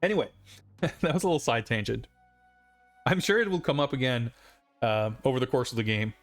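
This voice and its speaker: A man's voice: medium pitch, fairly quick, faint music behind. A man casually chatting while streaming a video game live, rambling with lots of fillers and asides.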